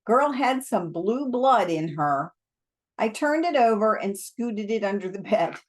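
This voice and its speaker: Brief: woman reader, unhurried novel narration, chatty asides, mid pitch. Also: lively intonation. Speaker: storybook reader. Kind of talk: reading a novel aloud.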